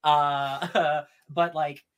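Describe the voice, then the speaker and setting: A man co-hosting a live-streamed podcast, chatting casually in an excitable, rambling way and laughing often. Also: fairly high pitch, extremely slow. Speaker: podcast co-host.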